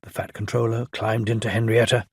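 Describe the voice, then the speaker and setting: A man with a British accent reading a children's storybook aloud in a gentle, measured way. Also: on the low side, flat delivery, husky, no echo, studio quality.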